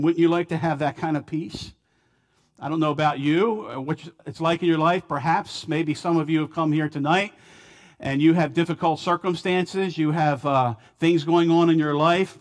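A man with an American accent preaching a sermon in a church, stressing key words by repeating them and swinging between loud and quiet. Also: high voice. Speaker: pastor. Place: church sanctuary.

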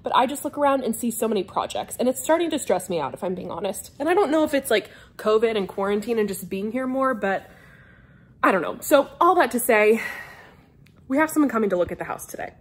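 A woman's voice: on the high side, very animated, fast, slightly rough. Chatty, scattered young woman vlogger. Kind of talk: casual vlog chat. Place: home living room couch.

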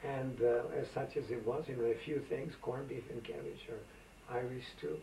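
A man's voice: mid-range voice, moderate pace, warm tone, a little hiss or hum. A man in his eighties, from Macedonia, telling rambling stories full of fillers in an oral history interview, recorded on a roomy tape from a distance. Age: 80s. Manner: rambling, anecdotal, with frequent fillers. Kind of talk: reminiscing conversational storytelling.

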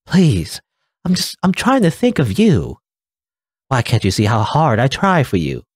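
A man's voice: mid-range voice, wildly swooping pitch, a little slow, slightly rough, no room sound, clean studio sound, pitched above the performer's own voice, exaggerated voice. A man voicing a hysterical, abusive middle-aged mother who scolds shrilly and begs through tears in a game. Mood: pleading.

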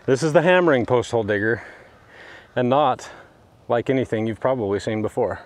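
A man's voice: mid-range voice, brisk. Man demonstrating a tool outdoors, explanatory. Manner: steady, explanatory, hands-on walkthrough. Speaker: fence company presenter. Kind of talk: product demonstration.

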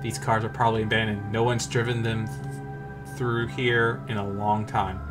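A man's voice: lowish voice, level tone, normal speed, music in the background. A man doing jokey let's play commentary who rambles and talks to himself. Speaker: gamer.

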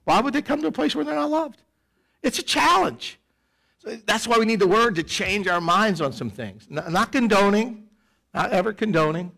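A middle-aged man preaching a sermon in church, animated, swinging between loud emphasis and quiet asides. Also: high-pitched, moderate pace, gravelly. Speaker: pastor. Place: church sanctuary.

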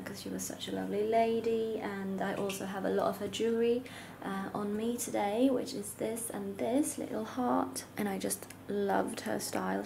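A young woman with a mid-pitched, gravelly voice chats casually to her own camera at home. She talks freely and often slips into a soft near whisper. A faint hiss sits under her voice. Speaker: vlogger. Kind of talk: casual self-filmed vlog chat. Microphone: camera held by herself.

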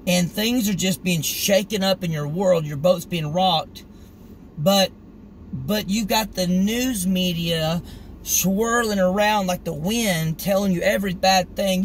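A man's voice: high-pitched, slow pace, slight background noise, poor audio. A middle-aged man preaching informally on scripture, earnest and conversational, acting out the story with animation. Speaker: street preacher.

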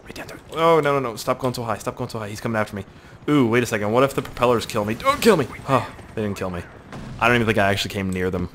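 A man giving casual gameplay commentary, excitable, swearing, laughing and talking to himself as he plays. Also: on the low side, racing, slight background noise. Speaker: let's play gamer.

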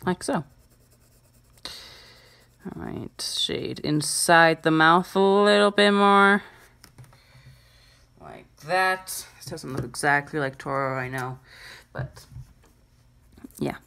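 A woman's voice: sits low, slow pace, gravelly, long pauses, fairly bright tone, clean tone. A woman hosting a drawing channel, giving a casual, chatty and self-deprecating drawing tutorial.

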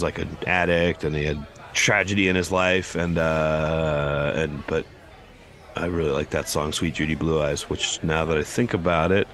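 A man's voice: deep voice, fairly bright tone. A man co-hosting a comedy podcast in casual chat, rambling and correcting himself as he goes. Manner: rambling, full of fillers and self-corrections. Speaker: podcast co-host.

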